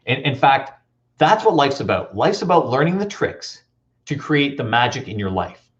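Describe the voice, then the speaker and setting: A man's voice: medium pitch, normal speed. A man giving a motivational talk at a school assembly, telling stories and quizzing the audience. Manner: animated, storytelling, audience questions. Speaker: motivational speaker. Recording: dull lo-fi recording.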